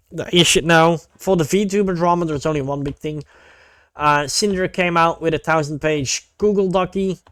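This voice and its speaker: A man's voice: fairly high pitch, a bit bright, smooth, no room sound, clean studio sound. A man streaming, chatting casually and animatedly about online drama, swearing freely and saying "mate".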